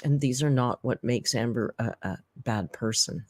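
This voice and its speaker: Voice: mid-range voice, normal speed, slight background noise. A reaction channel host giving chatty, sarcastic live-stream commentary to viewers.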